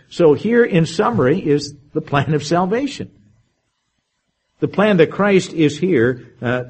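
A man preaching a verse-by-verse Bible teaching. He reads scripture aloud with emphasis, then comments in a lower, conversational tone. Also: a little mellow, husky.

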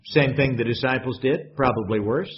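A man's voice: mid-range voice, normal speed. A man preaching a sermon in a conversational way, often putting questions to the congregation. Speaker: pastor. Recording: dull lo-fi sound.

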